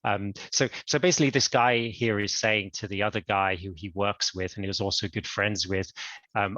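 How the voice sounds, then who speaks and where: A male university lecturer giving an online academic lecture, explaining in a measured way. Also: on the low side, fairly even intonation, bright, forceful tone, dry recording, muffled recording. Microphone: computer mic on a video call.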